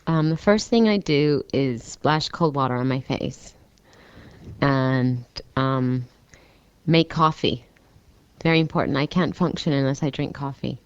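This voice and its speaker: Low-voiced woman, relaxed and laughing. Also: measured pace, clean tone, no room sound. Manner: relaxed, laughs often, answers plainly. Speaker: interviewee, recording artist. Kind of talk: casual interview chat. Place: hotel room. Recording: dull lo-fi dry radio tape.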